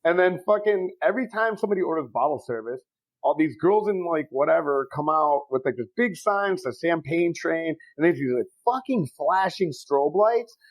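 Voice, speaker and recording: A man's voice: on the high side, normal speed, low-quality recording. Forties guy on a podcast, swears a lot, jokey storyteller, voice bouncing all over. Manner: profane, joking, animated storyteller. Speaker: podcast co-host.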